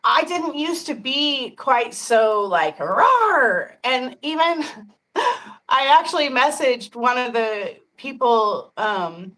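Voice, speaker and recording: A woman chats as a livestream guest, her high voice bright and forceful. She tells stories in an animated way and laughs easily between lines. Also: takes it slowly. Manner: animated storytelling, laughs often. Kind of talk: casual livestream chat.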